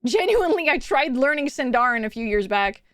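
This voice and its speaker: A young woman from Quebec, Canada, chatting casually on a live stream, animated and swearing, with many fillers. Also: high voice, fairly quick, no echo, clean studio sound.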